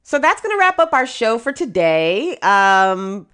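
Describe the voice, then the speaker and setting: Animated woman podcast co-host. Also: fairly high pitch, smooth. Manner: animated, indignant, quick asides with laughs. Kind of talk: casual political chat.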